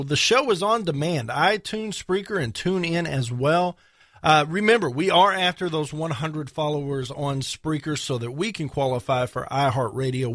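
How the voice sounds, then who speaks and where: A man's voice: medium pitch, a bit bright, dry recording, studio quality. A man hosting a talk radio show in a conversational way, sometimes getting tongue-tied.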